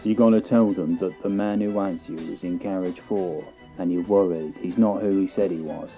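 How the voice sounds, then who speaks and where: A man's voice: low-pitched, fairly even intonation, normal speed, mellow, highs cut off, faint music behind, close to an everyday voice. A man voicing a threatening male rival who gives commands in a sci-fi audio story. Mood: menacing. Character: menacing, bullying male rival contestant.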